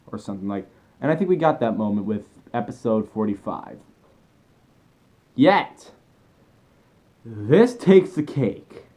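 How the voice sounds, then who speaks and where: A young man vlogging an excited, rambling fan rant with frequent self-corrections. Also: medium pitch.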